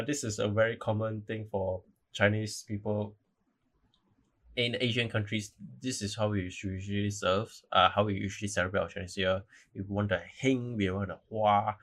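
A man's voice: on the low side, fairly bright tone. A young man hosting a casual solo podcast, rambling, apologizing and correcting himself as he goes. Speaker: podcast host.

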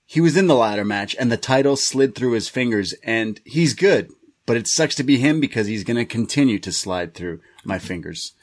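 A man's voice: mid-range voice, lively intonation, normal speed. A man co-hosting a podcast, casually recapping a wrestling show and laughing often. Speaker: podcast co-host. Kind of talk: casual chat.

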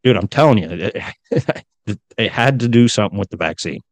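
A man telling a story on a casual podcast, his voice sitting a little low. He swears freely and jumps into acting out what everyone said. The sound is dry and close, with no room to it. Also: expressive, a little fast, no room sound. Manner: swearing storyteller, acts out quotes. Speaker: podcast co-host. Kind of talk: casual chat.

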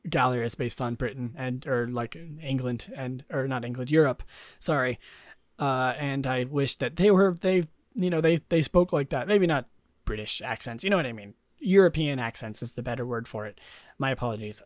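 A man's voice: mid-range voice, no echo, clean studio sound. A young man hosting a casual solo podcast, rambling with many fillers and restarts. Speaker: podcast host.

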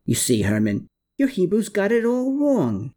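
A man's voice: high voice, wildly swooping pitch, a little slow, warm tone, pitched above the performer's own voice, full character voice. A man reading aloud, voicing a bitter, contemptuous man who snarls his lines in a raised voice. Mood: cold taunting.

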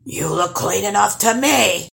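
A woman's voice: medium pitch, lively intonation, measured pace, creaky, fairly bright tone, voice pushed up, full character voice. A woman voicing a big, dim-witted male troll in a storybook read-aloud, growling and grumbling. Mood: gruff.

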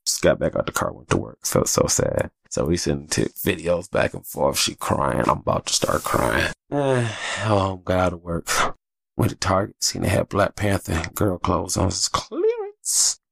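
Man, deep voice, podcast host, rambling, profane, dry close mic. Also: sing-song, normal speed, creaky, no echo. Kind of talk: casual solo podcast chat.

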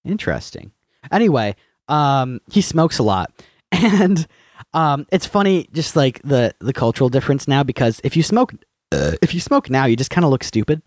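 Animated man on a casual podcast. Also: mid-range voice, normal speed, no echo, clean studio sound. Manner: animated, swears freely, acts out movie scenes in silly voices. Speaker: podcast co-host. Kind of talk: casual chat.

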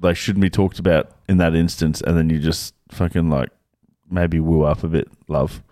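A young Australian man in casual podcast chat, relaxed and loose with his words and happy to swear. His voice sits fairly low. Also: moderate pace, no echo, studio quality. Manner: laid-back, swears freely, lots of fillers. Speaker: podcast co-host.

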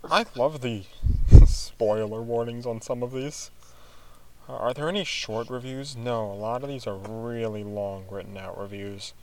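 A man's voice: mid-range voice, steady tone, unhurried, mellow, slight background noise, rough recording. A man guesting on a podcast, joking about a movie and laughing through his sentences as he reads reviews. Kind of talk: casual chat reviewing a movie.

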